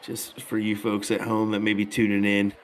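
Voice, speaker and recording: A man co-commentating a darts stream in a relaxed way, reading out viewer messages. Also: fairly low pitch, normal speed, a little hiss or hum. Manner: laid-back, reads viewer chat. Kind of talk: live sports commentary.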